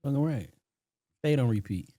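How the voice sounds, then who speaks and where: A man co-hosting a casual podcast, chiming in with quick interjections and agreement. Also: mid-range voice, animated, dark tone, no echo, clean studio sound. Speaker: podcast co-host.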